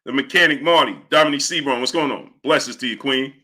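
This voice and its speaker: Lively man hosting a live chat stream. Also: mid-range voice, fast. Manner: animated, repeats catchphrases, greets viewers by name. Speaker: live-stream host reading viewer chat.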